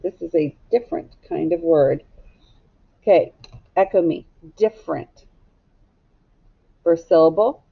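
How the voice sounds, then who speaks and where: Slow, gravelly-voiced woman teaching phonics. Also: lowish voice. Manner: slow, deliberate spelling out of letters and sounds. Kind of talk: recorded phonics lesson for young children. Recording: dull lo-fi recording.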